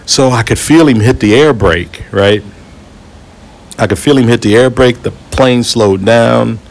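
A man telling a personal story in a relaxed, conversational way, repeating phrases and chuckling now and then. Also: mid-range voice, a little slow, gravelly. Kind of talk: casual spoken anecdote.

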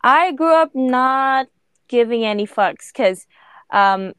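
Smooth-voiced woman in her twenties, swearing freely. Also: high voice, expressive, slow pace, a bit bright, no echo. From Philippines. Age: 20s. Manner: candid, swears freely, laughs often. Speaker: podcast co-host. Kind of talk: casual chat.

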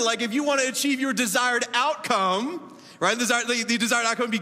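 A man in his thirties preaching a sermon as pastor, emphatic, with laughing asides and big swings between loud and soft. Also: very high-pitched, quick pace. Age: 30s. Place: church auditorium. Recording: echoey hall reverb.

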